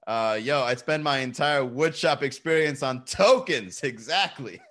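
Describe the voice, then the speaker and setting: Young man, casual streamer; animated pitch, bright tone, profane and jokey. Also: unhurried. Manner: loose, profane storytelling with frequent laughs. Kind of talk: casual live-stream chat.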